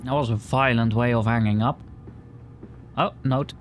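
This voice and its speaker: A man's voice: mid-range voice, fairly even intonation, normal speed, long pauses, slight background noise. A man playing a horror game and commenting with joking, sarcastic asides, sometimes reading in-game notes aloud. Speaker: gaming video creator.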